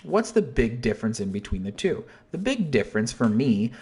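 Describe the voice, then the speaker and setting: A video host casually breaks down a song's lyrics, quoting and half-singing lines, rambling, correcting himself and often dropping to a whisper. His medium-pitched voice is sing-song, darkish and husky, at a moderate pace.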